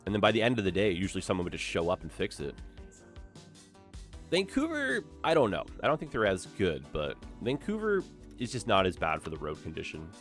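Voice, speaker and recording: A man's voice: deep voice, very animated, fast, a bit bright, faint music behind. A young man chatting casually while live-streaming a city-building game, upbeat and full of "like" and "eh?".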